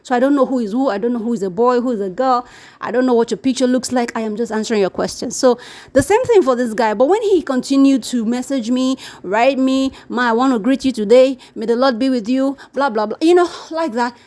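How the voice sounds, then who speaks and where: A woman vlogger chatting casually to camera, animated and repetitive, acting out the people she quotes. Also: fairly high pitch, fairly quick. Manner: animated, repeats words, mimics quoted people. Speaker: YouTube vlogger. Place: living in Brazil.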